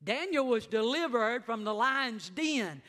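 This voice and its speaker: A middle-aged man preaching a sermon as pastor in a church, emphatic, slowing down to stress words and rising to shouts. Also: very high-pitched, animated. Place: church sanctuary.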